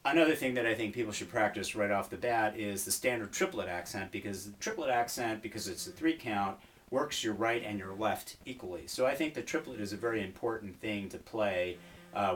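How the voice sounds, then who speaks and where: A man teaching taiko drumming in an instructional video, explaining in a relaxed way with fillers and counting beats aloud over his drumming. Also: fairly low pitch, slight background noise. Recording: distant mic, drumming behind. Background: taiko drum hits.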